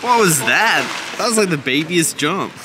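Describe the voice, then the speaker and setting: A man's voice: on the high side, animated, measured pace. A man vlogging casually, teasing his friends and mock-announcing their dives outdoors in a city. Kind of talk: casual vlog chat and joking. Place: outdoors in a city, by a pool and in town. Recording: noisy outdoor ambience.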